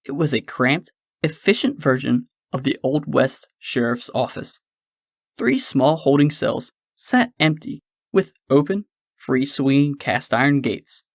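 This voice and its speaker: A man narrating a science-fiction audiobook in a measured storytelling manner. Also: mid-range voice, lively intonation, dry recording, studio quality. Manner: measured storytelling, shifting into character voices.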